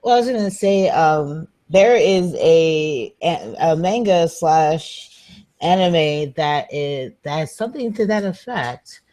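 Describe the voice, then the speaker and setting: A woman's voice: sits low, lively intonation, slow, mellow, rough recording. A woman co-hosting a book show in casual chat, blunt and wry, swearing casually.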